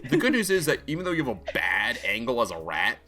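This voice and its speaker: A man's voice: medium pitch, wildly swooping pitch, brisk, a loud crowd. A man narrating a tabletop game as game master, talking casually with lots of filler words.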